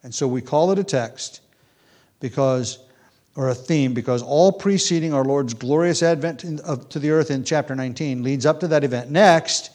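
A man's voice: medium pitch, moderate pace, darkish tone. A man preaching an expository Bible lesson, explaining step by step with small fillers and restarts, and reading quotations aloud with rising emphasis.

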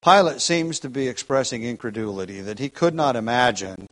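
A man's voice: mid-range voice, expressive, a little fast, fairly bright tone, poor audio. A man teaching the Bible, explaining at length and thinking aloud with frequent restarts.

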